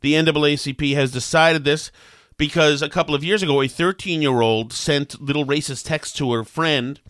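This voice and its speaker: A man's voice: on the high side, steady tone, moderate pace, fairly bright tone, no echo, studio quality. A man hosting a talk show with a New England accent, rambling and sarcastic with many fillers. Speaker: talk radio host. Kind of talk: opinionated casual talk.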